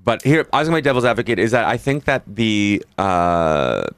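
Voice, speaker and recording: A man's voice: lowish voice, sing-song, fairly quick, smooth, no echo. A man guesting on a podcast, chatting in a chipper, upbeat way and laughing easily. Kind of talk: casual comedic chat.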